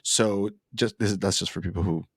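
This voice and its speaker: A man's voice: low-pitched, fairly even intonation, brisk, creaky, breathy edge, dry recording, clean studio sound. A man hosting a podcast, chatting casually and joking, stumbling over a guest's name. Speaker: podcast host.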